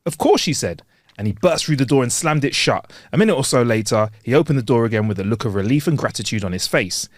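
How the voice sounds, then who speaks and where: Playful man, lively voice. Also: medium pitch, fast talker, no echo, studio quality. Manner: playful, giggly, voices joke characters. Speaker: podcast co-host. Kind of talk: casual comedy chat, reading jokes.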